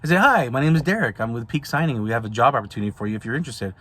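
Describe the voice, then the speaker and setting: Here the same podcast host and signing service owner speaks very fast, his medium-pitched voice expressive, bright, and forceful. His advice comes out loose and conversational, full of restarts and repeated words.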